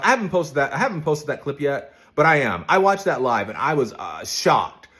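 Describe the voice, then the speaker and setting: Man, soap opera recap commentary, animated, opinionated, middle pitch, very expressive intonation. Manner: animated, opinionated, talks straight to viewers.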